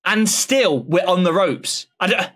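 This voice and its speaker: A man's voice: sits high, expressive, a little slow, fairly bright tone. A man reacting to a football match, stumbling over his words and then crying out at the goals. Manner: stammering, then exclaiming. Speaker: football fan.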